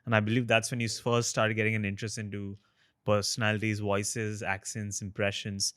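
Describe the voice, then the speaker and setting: A man's voice: lowish voice, level tone, fairly quick, a bit bright, dry recording, clean studio sound. A man hosting a podcast interview, casually leading the questions. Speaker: podcast host.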